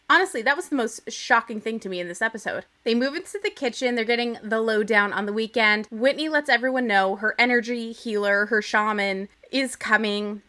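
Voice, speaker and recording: Bright, chatty young woman recapping TV. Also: on the high side. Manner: chatty, opinionated, playfully dramatic. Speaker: podcast host. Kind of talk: casual TV recap.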